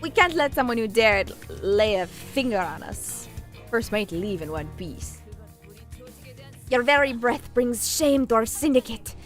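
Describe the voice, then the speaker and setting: A woman reading a brash, swaggering pirate's threats from a video game, loud and blustering with old-timey slang. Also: on the high side, animated, moderate pace, few pauses, faint music behind.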